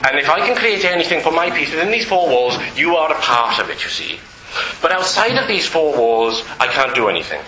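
A chatty Welsh storyteller, as a preacher puts him on, sing-song and coaxing, pitched up high and bright. He keeps nudging his listeners along with repeated asides. The voice rings through an echoey hall with a faint hiss behind it. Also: big pitch swings, fairly quick.

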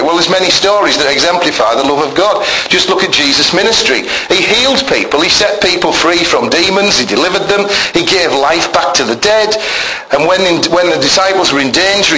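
A male preacher gives a sermon with a fairly high, bright and forceful voice. He talks in an emphatic, conversational way and keeps asking the congregation questions. The recording is roomy and echoey, with faint church ambience. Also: slight background noise.

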